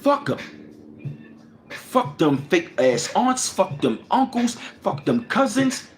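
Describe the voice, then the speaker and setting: A man hosting a livestream, ranting angrily and profanely with lots of repetition, swinging between loud bursts and low mutters. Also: sing-song, slow, faint music behind. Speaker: livestream host.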